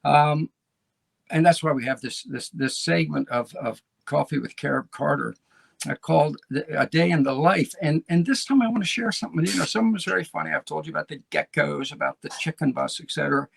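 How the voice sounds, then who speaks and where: A man's voice: on the high side, fairly quick, gravelly, slightly rough. A man hosting his own show, telling stories in a loose, rambling way with many restarts. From United States. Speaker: show host. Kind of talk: casual monologue to camera.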